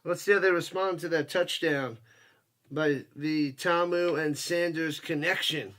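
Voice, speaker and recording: A man with a high, forceful voice calls the game live for his stream. He chats casually with viewers between plays and erupts into shouts when something big happens. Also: fairly even intonation, a little slow. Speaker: watch-party streamer and host. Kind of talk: casual live play-by-play commentary.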